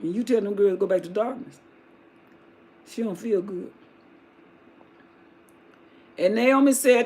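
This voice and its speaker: A woman's voice: medium pitch, unhurried, long pauses, a little mellow. Folksy woman retelling scripture. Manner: folksy, mixes scripture with slang asides. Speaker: livestream host reading scripture. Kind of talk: Bible reading with casual retelling.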